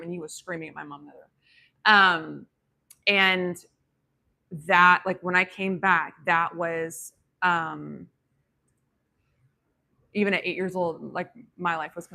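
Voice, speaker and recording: A woman with a gravelly, bright, fairly low voice tells a personal story in a loose, rambling way. She restarts her sentences often and fills the pauses with "um" and "like." Her tone stays reflective and spiritual. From grew up on a ranch. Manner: rambling, many fillers and restarts. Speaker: guest telling a personal story. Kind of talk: casual spoken storytelling.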